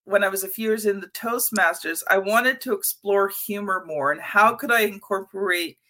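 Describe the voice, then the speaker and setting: Bright, lively woman podcast host. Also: mid-range voice, moderate pace. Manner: lively, expressive storyteller. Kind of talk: conversational interview.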